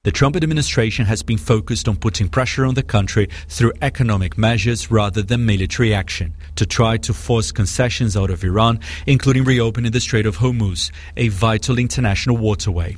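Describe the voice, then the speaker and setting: A man filing a news report in a measured, analytical way. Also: fairly low pitch. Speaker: correspondent.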